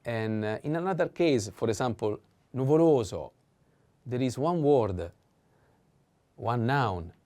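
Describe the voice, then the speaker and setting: A man gives a language lesson, saying each word several times at a slow, patient pace. His voice sits at an everyday pitch with a mellow, dark tone, and he pauses often with small fillers. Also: lively intonation. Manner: patient, repeats words slowly, frequent fillers. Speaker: Italian teacher.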